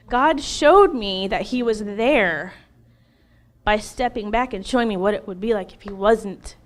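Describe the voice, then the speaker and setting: A woman in her thirties giving an earnest, animated personal testimony as an interview guest, laughing now and then between lines. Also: medium pitch.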